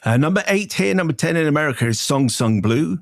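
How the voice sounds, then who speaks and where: Brisk man reading emails. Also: a little high, expressive, vocal fry, dry recording, studio quality. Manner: brisk, laughs easily. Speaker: film show co-host. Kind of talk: casual chat, reading listener emails.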